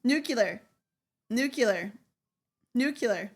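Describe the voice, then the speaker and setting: A woman's voice: on the high side, expressive, extremely slow. A young woman streamer chatting casually and playfully, giggling and repeating words to test how she says them. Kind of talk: casual live-stream chat.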